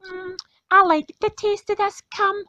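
A man voicing a foul-mouthed Scottish cat in a very high, squeaky voice. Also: flat delivery, unhurried, bright, forceful tone, lo-fi sound, heavily acted. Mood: sneering. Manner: crude, sneering.

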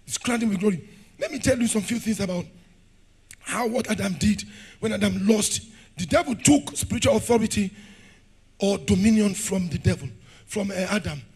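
Fiery, high-pitched Nigerian pastor preaching. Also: male voice, normal speed, pauses often, husky. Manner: fiery, shouting, laughing, rhetorical questions. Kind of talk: sermon. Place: church.

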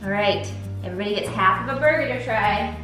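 A woman's voice: mid-range voice, quick pace. A woman hosting a family vlog at home, upbeat and asking her kids questions. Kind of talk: casual family vlog chat. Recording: echoey room with music behind.

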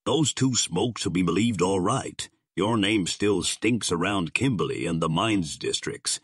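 A man's voice: sits low, lively intonation, a little slow, slightly rough, dry recording, clean studio sound, full character voice. A man voicing a sardonic male gangster boss who drawls his threats in slang. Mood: menacing.

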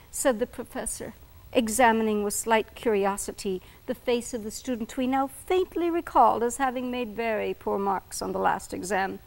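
A woman author talking to students and reading her own fiction aloud, in a deliberate storytelling manner. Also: a little high, gravelly, darkish tone. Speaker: author giving a talk to students. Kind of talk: lecture and dramatic reading. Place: San Antonio event.

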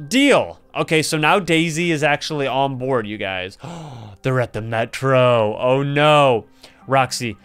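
An excitable young man reads game story dialogue aloud and reacts to every turn. His voice sits a little high and comes through smooth and clear. Faint music plays underneath. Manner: excitable, laughs and gasps often. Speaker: gaming YouTuber.

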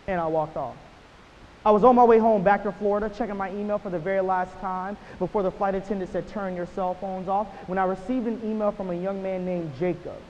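A man giving a motivational keynote to students, telling stories with rhetorical "right?" tags and swinging from quiet lines to loud ones. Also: sits high. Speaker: motivational speaker. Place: large school auditorium. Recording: hall reverb, dull lo-fi sound, faint hiss.

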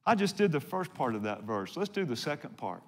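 A man preaching from the pulpit with a high voice. He tells the story with earnest drama and rises and falls with the telling. He often turns to ask his listeners direct questions. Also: sing-song, a little fast. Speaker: pastor. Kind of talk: sermon.

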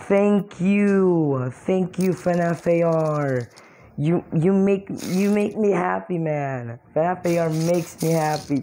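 A young woman plays a mobile game and narrates it excitedly, exclaiming and laughing often. Her low voice is warm and mellow, her pace unhurried, and a faint hiss lingers beneath her.

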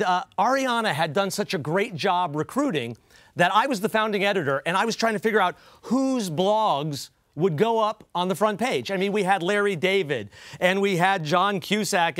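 A man's voice: high voice, expressive, moderate pace, fairly bright tone, no echo, studio quality. A man hosting a comedy news show, delivering a wry, joking monologue and quoting others with mock emphasis. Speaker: host.

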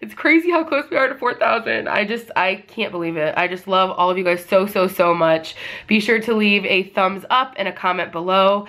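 A woman's voice: medium pitch, moderate pace, fairly bright tone. A young woman with a nasal voice, chatting casually to camera at home in a rambling vlog. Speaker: vlogger. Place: at home, indoors.

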